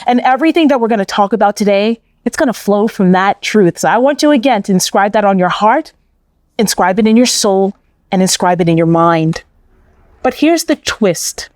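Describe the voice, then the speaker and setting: A woman's voice: mid-range voice, a little mellow, no room sound. A middle-aged woman with a New York accent giving an inspirational faith talk, emphatic and repetitive with a preacherly cadence. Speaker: Catholic speaker.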